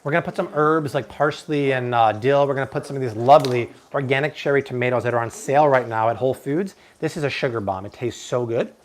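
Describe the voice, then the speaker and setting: In a mid-range voice, the man rattles along at a quick pace with barely a pause. He's a cooking show host doing a live demo at home in his kitchen, eagerly exclaiming about the food.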